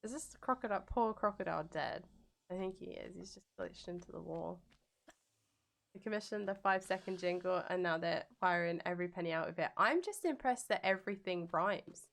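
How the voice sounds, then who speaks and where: A woman's voice: on the low side, fairly quick, gravelly, a bit bright. A young woman streaming a game and chatting casually with viewers, playful and giggly, singing silly jingles between remarks.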